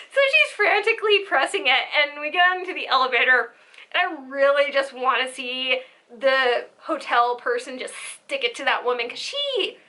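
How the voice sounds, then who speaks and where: A woman's voice: high voice, pushed and bright, poor audio. A young woman telling a rambling, giggly storytime vlog with side tangents. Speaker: vlogger.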